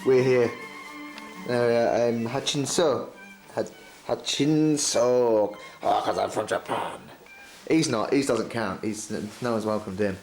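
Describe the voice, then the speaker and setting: A man's voice: mid-range voice, slow, long pauses, a little mellow, soft background music. A man filming his own holiday video diary, keeping up a wry, sarcastic running commentary from behind the camera. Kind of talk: casual camcorder video diary narration. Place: bus, hotel room and streets on a trip. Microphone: built-in camcorder mic, behind the camera.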